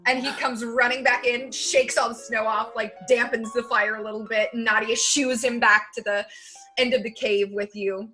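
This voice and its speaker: A woman's voice: on the high side, fairly even intonation, normal speed, sharp tone, faint music behind. A woman narrating as game master of a tabletop game, casual and chatty with fillers.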